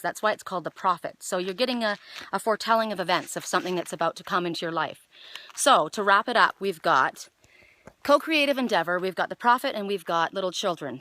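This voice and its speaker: A middle-aged woman giving a casual spiritual card reading outdoors, chatty and excitable, with lots of fillers. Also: medium pitch, no echo. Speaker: oracle card reader. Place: outdoors in the evening.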